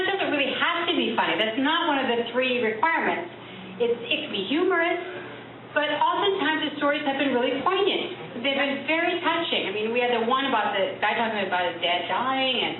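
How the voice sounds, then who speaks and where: A woman's voice: high-pitched, a little fast, heavy reverb, a crowd in the background. Chatty woman telling a story on stage. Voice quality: animated and chatty, mimics the men she quotes. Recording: distant, phone-like, noisy live room recording.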